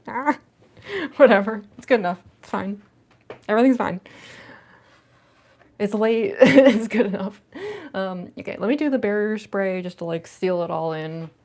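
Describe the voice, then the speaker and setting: A woman's voice: fairly low pitch, creaky. A young woman chatting casually on a cosplay livestream from home, giggling often and answering chat, on a phone with a plug-in mic. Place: home room.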